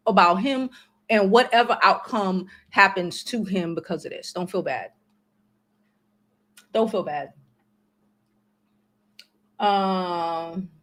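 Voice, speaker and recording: A woman in her forties hosts a livestream, chatting casually with viewers in a medium-pitched, fairly bright voice. Her advice is blunt, slangy and profane.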